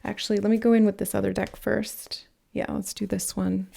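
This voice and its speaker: A woman giving a pick-a-card tarot reading, speaking in a gentle, earnest way that rambles a little, with soft laughs. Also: mid-range voice, little pitch movement, fairly quick, vocal fry. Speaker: tarot reader.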